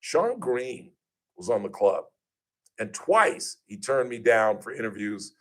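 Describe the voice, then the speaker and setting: A man hosting a radio talk show, telling stories casually and animatedly, acting out the voices of people he quotes. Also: slow pace. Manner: animated, acts out quoted voices with big pitch jumps.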